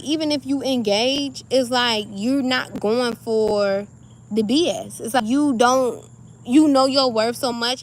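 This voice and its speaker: A woman with a slightly high voice talks straight to her viewers in a loose, animated spiritual pep talk. Her comes through clearly, and she acts out little scenes with a playful laugh. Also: slight background noise. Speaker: spiritual vlogger.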